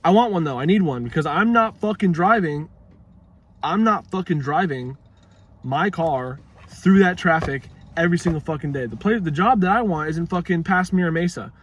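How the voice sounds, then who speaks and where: A man's voice: fairly high pitch, animated, normal speed, highs cut off. A young man talking casually to his vlog audience, rambling and swearing freely in a laid-back way. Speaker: vlogger.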